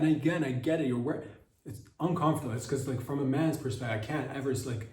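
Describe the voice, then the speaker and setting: A man's voice: medium pitch, fast talker, darkish tone, echoey room, far from the mic, poor audio. A young man hosting a comedy podcast, riffing in a rambling, profane monologue full of mock outrage. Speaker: podcast host.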